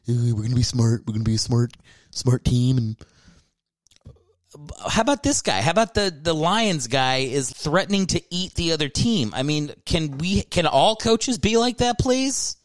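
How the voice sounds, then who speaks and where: A man's voice: mid-range voice, no room sound, clean studio sound. A man hosting his own podcast, ranting casually with profanity and self-mocking asides. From Philadelphia area. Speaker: podcast host. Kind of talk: casual solo podcast rant.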